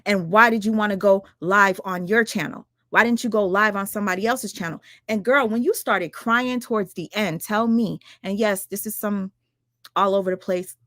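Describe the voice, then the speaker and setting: A woman ranting on her livestream, firing rhetorical questions at her viewers, swearing often and talking fast and emphatically. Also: mid-range voice, a bit bright, no room sound, clean studio sound. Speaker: livestream commentator. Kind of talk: heated livestream rant.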